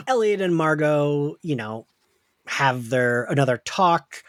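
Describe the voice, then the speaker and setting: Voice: medium pitch, drawn-out words, no room sound, clean studio sound. A podcast co-host chatting casually in a TV episode review, laughing often and filling talk with "like". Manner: chatty, giggly, many "like" fillers.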